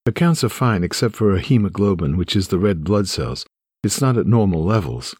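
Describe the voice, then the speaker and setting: A man's voice: deep voice, expressive, moderate pace, a little mellow, slightly rough, no room sound, studio quality. A man narrating a memoir voices an earnest male ER doctor who keeps reassuring a frightened son.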